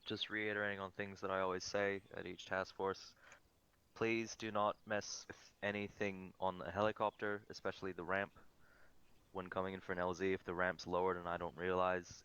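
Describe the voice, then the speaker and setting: Deep smooth-voiced pilot man. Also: fairly bright tone. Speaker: helicopter pilot. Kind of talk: briefing over game voice chat. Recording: dull lo-fi mic.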